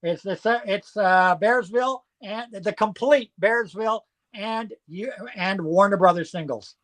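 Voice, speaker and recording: A man hosting a live auction from home, chatting casually and excitedly and rattling off long lists. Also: sits high, unhurried. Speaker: host selling records at a live auction.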